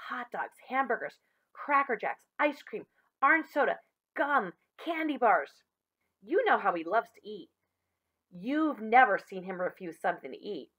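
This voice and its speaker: A woman's voice: on the high side, fairly bright tone, exaggerated voice. A woman reading aloud, voicing a boy who lays out a plan to win a bet.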